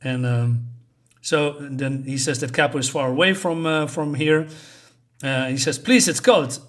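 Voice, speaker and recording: A man's voice: medium pitch, fairly even intonation, unhurried, a bit bright. A man reviewing a comic book in a casual vlog, chatty and enthusiastic, with many fillers.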